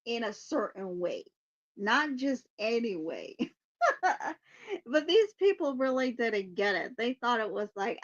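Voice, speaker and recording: A woman's voice: on the high side, sing-song, a little slow, highs cut off. A woman hosting a psychic podcast in a casual livestream chat, laughing often and swearing casually.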